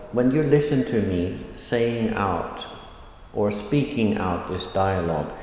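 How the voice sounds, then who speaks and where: A man teaching an online language lesson, explaining slowly and repeating examples. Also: on the low side, a little mellow, a little hiss or hum. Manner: slow, deliberate explaining with repetitions. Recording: echoey room with long reverb.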